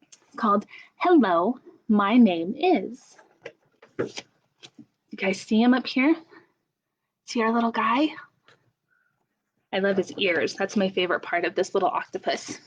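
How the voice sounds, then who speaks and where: A young woman leading a children's story time, asking slow sing-song questions and making playful animal sounds. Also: medium pitch, animated. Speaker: children's librarian. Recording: dull lo-fi camera audio.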